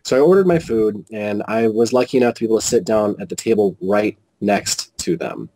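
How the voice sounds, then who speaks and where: A man telling a personal story as an interview guest, animated and quoting whole conversations with frequent restarts. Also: fairly low pitch, brisk, low-quality recording. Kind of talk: casual storytelling.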